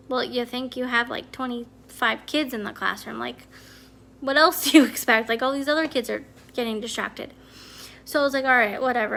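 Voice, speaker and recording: High, bright-voiced mom talking candidly. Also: female voice, moderate pace, vocal fry. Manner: candid, chatty storytelling with many fillers. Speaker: homeschooling parent and consultant. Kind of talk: casual personal vlog talk.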